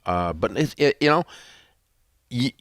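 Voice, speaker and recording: A man's voice: medium pitch, lively intonation, unhurried, a bit bright, no room sound, clean studio sound. Blunt folksy male talk-show host. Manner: blunt, folksy, rambling with restarts. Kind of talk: casual talk show chat.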